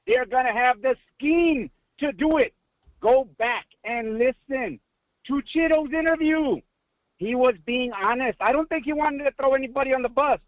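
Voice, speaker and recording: A man's voice: extremely high pitch, moderate pace, no echo. A male caller giving a hyped, preacher-like sports pep talk full of rhetorical questions, mixing in Spanish greetings. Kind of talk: excited call-in sports talk. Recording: muffled phone line audio.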